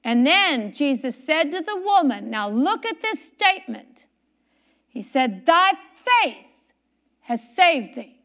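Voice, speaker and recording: A woman's voice: high-pitched, sing-song, takes it slowly, a bit bright. A woman preacher delivering a sermon, reading scripture aloud, repeating key phrases for emphasis and asking her congregation questions.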